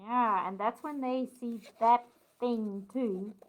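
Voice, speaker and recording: High, bright woman reading aloud slowly. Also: poor audio. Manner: expressive read-aloud with gasps and exclamations. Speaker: book club reader. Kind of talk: reading aloud and casual chat.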